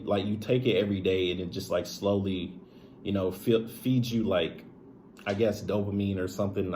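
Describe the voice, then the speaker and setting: A young man with a lowish voice talks straight to his audience, candid and confiding. His story rambles, padded with "like" and checking in with "right?". It is loose, unscripted vlog storytelling. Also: darkish tone, a little hiss or hum. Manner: rambling, heavy use of "like" and "right?". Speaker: streamer and video creator. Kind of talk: casual personal storytelling to camera.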